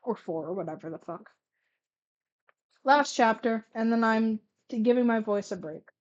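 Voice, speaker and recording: A woman's voice: fairly high pitch, moderate pace, highs cut off. A young woman reading old fanfiction aloud, stumbling over words and breaking off for sarcastic asides. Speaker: reader.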